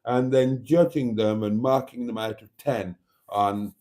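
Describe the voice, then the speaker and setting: Male stream host, mellow tone, wry and theatrical, rambling over a glass of wine. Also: mid-range voice, unhurried. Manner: wry, theatrical, calls viewers darlings; relaxed and a bit rambling, sipping wine. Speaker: channel host. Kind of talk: live stream chat reading viewer comments.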